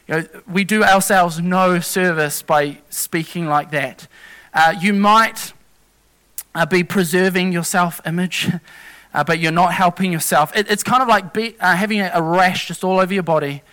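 A man preaching a sermon, earnest and halting, often restarting and correcting himself as he goes. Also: sits high, fairly bright tone, smooth.

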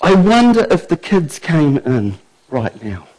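Male preacher, high voice, slow and emphatic sermon delivery. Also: big pitch swings, a little mellow, rough recording. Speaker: pastor.

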